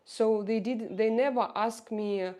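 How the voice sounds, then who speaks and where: A woman's voice: a little high, steady tone, unhurried, mellow. A woman in her forties with a Russian accent, talking casually to her livestream viewers, hesitating often with fillers and restarts. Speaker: livestream host.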